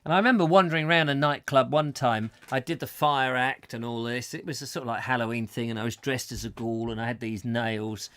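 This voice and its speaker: A man's voice: mid-range voice, fairly even intonation, fairly quick, hardly any pauses, a bit bright, smooth, dry recording. A man hosting a comic live chat show, rambling through jokey stories and singing little snatches. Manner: chatty, jokey storytelling, sings snatches. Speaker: host.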